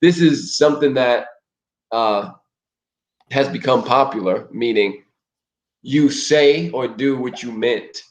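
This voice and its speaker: A man co-hosting a relationship talk show, animated and acting out people in voices. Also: takes it slowly, long pauses, low-quality recording. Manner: animated, acts out people in shouted high put-on voices. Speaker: podcast co-host.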